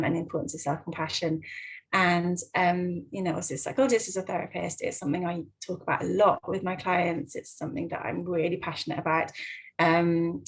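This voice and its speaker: A woman clinical psychologist giving advice in a gentle way, with many ums and restarts. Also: lowish voice, rough recording. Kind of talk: advice talk.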